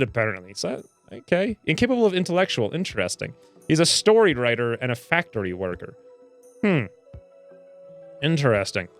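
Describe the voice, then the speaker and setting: A man commentating his own gameplay in a jokey, animated way, slipping into squeaky voices for the characters. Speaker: gaming video host. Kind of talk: let's play commentary.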